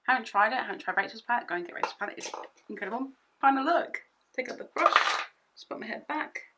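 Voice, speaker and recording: A young woman chatting through a makeup tutorial at home, excitable and rambling, often repeating herself. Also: medium pitch. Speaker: beauty vlogger.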